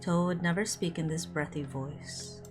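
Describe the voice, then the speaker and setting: A woman streaming a visual novel, reading its narration aloud and breaking off for quick reactions, with music under her voice. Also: sits low, steady tone. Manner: reads narration with quick asides. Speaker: game streamer.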